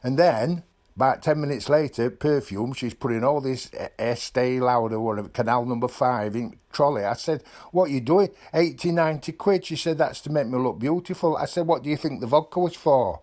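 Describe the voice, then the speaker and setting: A talking animal with a Yorkshire accent spins everyday tall tales in a medium-low voice, as a man dubs it. He drops his voice quietly for asides and then picks it back up for the punchline. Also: fairly quick, close to an everyday voice. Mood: cheeky. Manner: blokey storytelling, drops down for asides. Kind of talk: dubbed comic voice-over.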